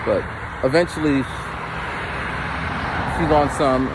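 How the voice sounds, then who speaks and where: A man who works as a teacher, telling stories in a casual chat while walking outdoors, mimicking other people's voices with big jumps in pitch. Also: slow pace, heavy background noise. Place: outdoors on a street. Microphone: phone camera held while walking.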